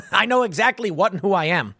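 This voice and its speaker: A man in his thirties talks through a live-stream show in a loose, rambling way, full of restarts and "like"s. His voice sits a little high and moves a lot. The sound is dry and close, with no room around it. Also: expressive, brisk, sharp tone, husky, dry recording. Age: 30s. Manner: rambling, conversational, with frequent restarts and "like". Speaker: show host. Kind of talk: casual live-stream commentary.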